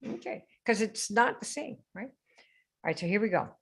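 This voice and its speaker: Woman, live stream host, sales coaching, teasing, quizzes the audience, husky voice. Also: medium pitch, expressive, moderate pace, a bit bright.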